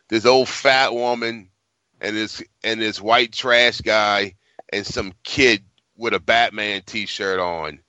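A man co-hosts a casual podcast, cursing freely and circling back over his words as he tells a story. His voice is bright and forceful, mid-pitched, and recorded dry with no room sound. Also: no room sound, poor audio. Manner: profane, rambling storytelling with repeated words. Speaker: podcast co-host.

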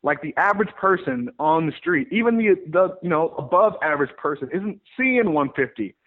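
A man who wrestles, telling stories in a rambling, animated way in a casual interview. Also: a little high, a little fast. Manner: rambling, animated storyteller with many restarts. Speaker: pro wrestler guest. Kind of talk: casual interview over the phone. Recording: tinny phone line.

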